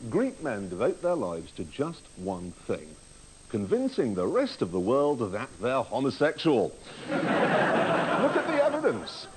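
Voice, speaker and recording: A man's voice: mid-range voice, low-quality recording. A man hosting a comedy show, delivering a wry, mocking comic monologue to camera. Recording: loud background noise.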